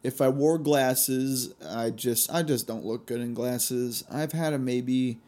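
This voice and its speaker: A young man hosting a casual solo podcast, telling stories in an animated, gleeful way and laughing often. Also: mid-range voice, slow pace. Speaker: podcast host.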